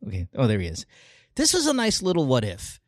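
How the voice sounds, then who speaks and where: A man's voice: mid-range voice, huge pitch swings, fast talker, no echo, clean studio sound. A young man hosting a podcast in casual chat, joking and laughing often. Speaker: podcast host.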